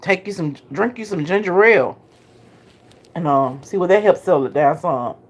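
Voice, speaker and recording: A woman's voice: lowish voice, lively intonation, moderate pace. A woman hosting a casual live chat, talking straight to her viewers and laughing often. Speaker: live stream host.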